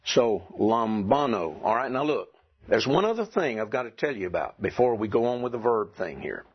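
A husky-voiced man gives a classroom lecture, walking his students through grammar rules and repeating them patiently. He keeps his pitch in a middle register. The recording is dull and lo-fi. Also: big pitch swings, normal speed. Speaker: Greek teacher.

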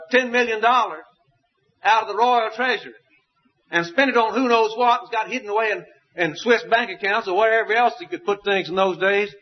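A man preaching a sermon, telling a parable in a folksy, emphatic way with wide swings in pitch. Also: husky, highs cut off.

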